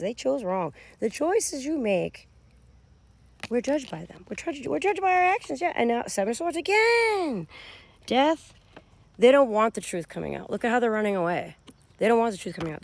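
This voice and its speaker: A woman gives a casual tarot reading with a gravelly edge to her voice. Her pitch swoops up and down as she speaks to her viewers directly. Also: a little fast. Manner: animated, addresses viewers directly. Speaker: tarot reader.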